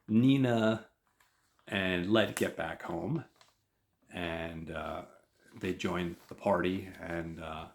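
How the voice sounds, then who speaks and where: A man hosting a podcast, recapping a show in a loose, rambling way. His voice sits very low, and he keeps leaning on fillers as he retells the story in his own words. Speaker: podcast host. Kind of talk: casual episode recap.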